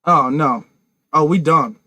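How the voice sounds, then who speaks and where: A man's voice: a little high, slow, bright, forceful tone, husky, no room sound. A man giving emphatic political commentary to his viewers, with lots of restarts. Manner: emphatic, talks to viewers directly, repeats and restarts. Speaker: commentary channel host.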